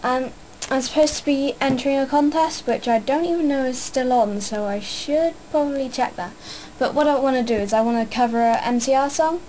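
A woman's voice: sits high, a little fast, dark tone, a little hiss or hum, rough recording. A young woman chatting casually in a vlog, hyper and rambling, with lots of fillers. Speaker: vlogger.

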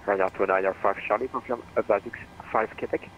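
A man with a French accent working as an air traffic controller, giving hesitant, filler-filled radio clearances. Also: on the low side, fairly even intonation, muffled recording. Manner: hesitant, full of fillers, quick delivery. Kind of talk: radio ATC phraseology.

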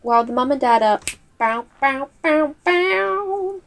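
A woman with a somewhat high voice talks through a game at her home desk mic. She laughs often and scolds the characters as she plays, chatting casually the whole way. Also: lively intonation, slow pace, vocal fry, fairly bright tone, a little hiss or hum. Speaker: gaming YouTuber. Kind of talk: casual gameplay commentary. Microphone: desk mic with face cam.

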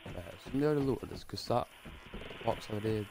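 A man talks his way through a video game in a loose, joking ramble and swears often. His voice has an ordinary, mid-range pitch, and game music plays clearly behind him. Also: quick pace, darkish tone. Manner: rambling, jokey, heavy swearing. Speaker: gaming YouTuber. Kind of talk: casual gameplay commentary.

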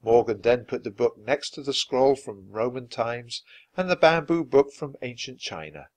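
A man reading a children's adventure book aloud, expressive and dramatic. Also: medium pitch, normal speed. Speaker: storyteller.

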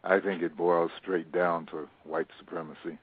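Deep, husky male caller; hesitant, phone line. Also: level tone, normal speed. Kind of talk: call-in talk.

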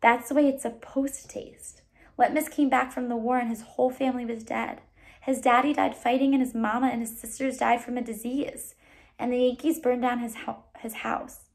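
A woman reading a children's novel aloud, pausing to explain words to listeners. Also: on the high side, little pitch movement, a little mellow. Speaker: reader.

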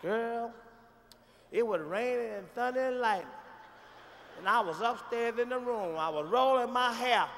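Man playing a high, gossipy auntie, shrill and breathless, live hall sound. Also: unhurried, long pauses, background noise. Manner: repetitive, breathless storytelling. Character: gossipy middle-aged woman relative retelling a death. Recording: live stage show in a large hall.

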